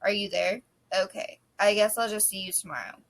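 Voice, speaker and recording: A woman reads a young man's lines in a spoken audiobook, earnest and pleading. The voice stays close to the reader's own, at a middling pitch and with steady delivery. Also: brisk, close to an everyday voice. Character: young man, a pop singer texting in secret, tender and earnest.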